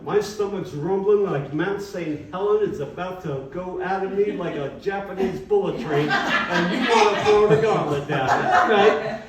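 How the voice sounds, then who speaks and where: A man's voice: high-pitched, unhurried. An older man, a retired firefighter, telling brash, profane stand-up stories in a former yoga studio. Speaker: stand-up comedian. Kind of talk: stand-up comedy. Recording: echoey room, distant mic, audience.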